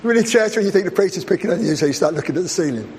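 High, lively male preacher in a hall. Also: racing. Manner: playful, teasing asides to the congregation. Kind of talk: humorous sermon. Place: church. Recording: reverberant church hall with faint background noise.

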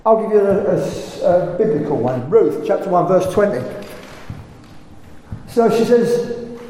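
Slow high-voiced older man preaching. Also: lively intonation, dark tone. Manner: emphatic, full of rhetorical questions. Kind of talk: sermon. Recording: echoey hall, faint room noise.

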